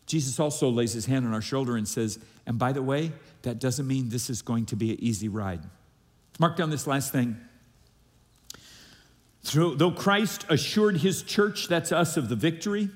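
Sermon, man preaching, audience call-and-response, church sanctuary, reverberant sound. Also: mid-range voice. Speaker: pastor. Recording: long hall reverb.

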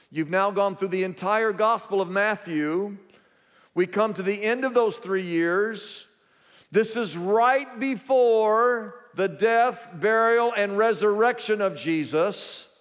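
Preaching to his congregation, a pastor with a high-pitched voice speaks at a measured pace and with emphasis, prompting the crowd to echo his words. The sound carries the long hall reverb of a large church auditorium.

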